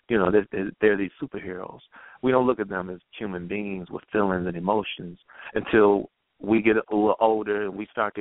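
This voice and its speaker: A man guest telling a personal story in an earnest, halting way, with many restarts, heard over a tinny phone line. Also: fairly low pitch, no echo. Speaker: guest poet.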